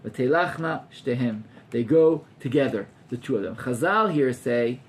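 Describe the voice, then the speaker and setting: A man's voice: medium pitch, expressive, a little slow, few pauses. A man, a rabbi teaching an informal class to students, talking animatedly and acting out scenes with gasps while mixing in Hebrew terms.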